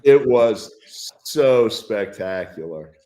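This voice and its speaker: Brief: male sports guest, low voice, keen and reflective, heard in a roomy space. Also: animated, slow pace, mellow. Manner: enthusiastic, reflective. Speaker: guest football analyst. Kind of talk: casual sports talk.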